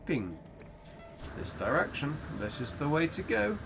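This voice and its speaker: A man's voice: a little high, sing-song, unhurried, gravelly, over music. A British man giving chatty, rambling gameplay commentary on a livestream, swearing casually. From England. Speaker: gaming livestreamer.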